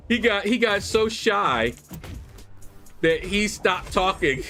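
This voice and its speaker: A man from Kentucky hosting a relaxed livestream chat, telling animated stories with laughs and playful voices into a desk microphone. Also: sits high, takes it slowly, pauses often. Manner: animated storyteller, laughs, squeals in mock voices. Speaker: livestream host. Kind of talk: casual chat with viewers. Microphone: desk USB microphone. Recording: faint background music.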